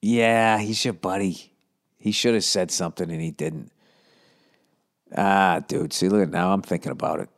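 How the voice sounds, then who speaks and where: A man's voice: low voice, fairly even intonation, normal speed, pauses often. A man hosting a casual advice podcast, talking in a blunt, profane, rambling way. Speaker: podcast host answering listener questions.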